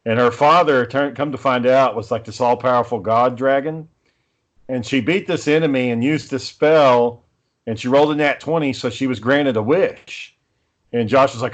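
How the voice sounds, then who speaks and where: A man's voice: medium pitch, brisk, dull audio. A young man hosting a podcast, telling stories in casual chat and swearing freely. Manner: profane storytelling, swears freely. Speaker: podcast host.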